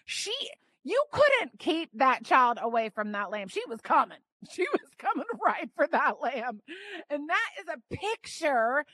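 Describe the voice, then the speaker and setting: A young adult woman hosting a devotional podcast, teaching earnestly and emphatically, dropping soft and then rising to exclaim. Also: high-pitched, sing-song, a little slow. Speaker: podcast host and Bible teacher.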